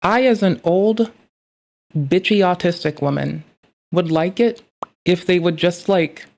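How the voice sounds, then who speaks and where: A woman's voice: on the low side, unhurried, creaky, a little mellow. Woman streamer, casual reaction commentary, sarcastic and sweary, rambling delivery.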